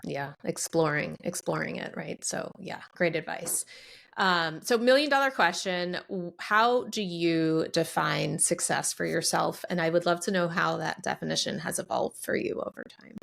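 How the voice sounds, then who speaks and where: Woman, podcast host, vocal fry, lowish voice, affirming, thoughtful pauses. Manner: warm, affirming, thoughtful with hesitations. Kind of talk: casual conversational interview.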